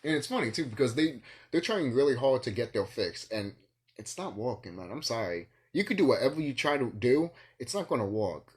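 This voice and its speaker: A man's voice: medium pitch, very animated, a little fast. A man vlogging in a rambling solo monologue, ranting and swearing, with bursts of laughter.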